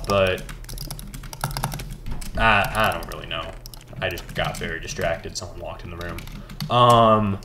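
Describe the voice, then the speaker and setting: A teenage boy rambling casually while gaming, laid-back and mumbling with hesitant fillers. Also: low voice. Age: teens. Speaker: gaming vlogger. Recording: faint background noise, keyboard clicks.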